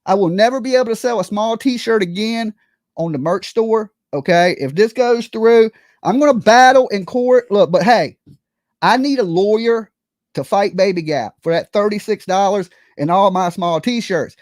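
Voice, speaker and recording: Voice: mid-range voice, moderate pace, darkish tone, no room sound, studio quality. A live streamer telling a comedic story, acting out scenes with buzzing noises and quoted voices, and checking in often with "right?" and "okay?".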